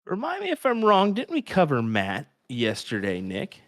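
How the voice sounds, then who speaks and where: A man's voice: a little high, huge pitch swings, normal speed, dry recording, clean studio sound. A man with a Kansas accent commentating on darts, chatty and laughing often as he tells stories. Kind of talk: live sports commentary banter.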